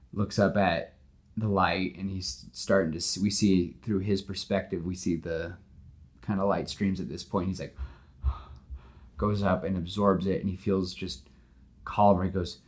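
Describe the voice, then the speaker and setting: A man with a somewhat low voice tells a movie pitch in a casual, animated way. He leans on "like" as a filler and slips into acting out the characters' lines as he goes. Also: unhurried, long pauses. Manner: animated storyteller, full of "like" fillers, acts out dialogue. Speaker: podcast host pitching a movie. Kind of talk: casual retelling of a film pitch.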